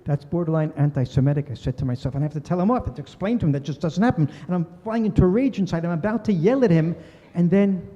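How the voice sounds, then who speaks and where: A man's voice: on the high side, fast, few pauses, warm tone. An older man giving a talk, telling a story earnestly and voicing the people in it. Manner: earnest, voices quoted people. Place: synagogue hall. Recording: dull recording in a reverberant hall.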